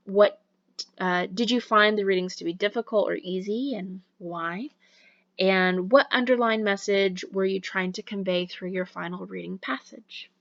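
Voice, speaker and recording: A woman's voice: medium pitch, a bit bright. A young woman instructor giving homework instructions at the end of a recorded online lecture, casual and full of ums. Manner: casual, filler-heavy with many ums. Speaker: college instructor. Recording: dull lo-fi recording.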